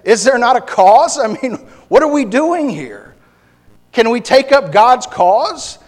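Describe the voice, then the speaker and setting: Man voicing a young shepherd hero, indignant, urgent questions, high voice, long reverb. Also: sing-song, unhurried, full character voice.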